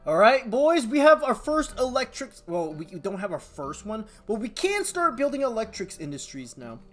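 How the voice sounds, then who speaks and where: A young man giving excitable commentary on a strategy game as a gaming YouTuber, laughing often and hyping up his audience. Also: high voice, moderate pace, soft background music.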